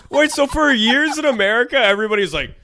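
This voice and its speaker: A man's voice: very high-pitched, lively intonation, a little fast, pushed and bright, a little hiss or hum. A man co-hosting a comedy podcast, riffing in casual banter and laughing often. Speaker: podcast co-host.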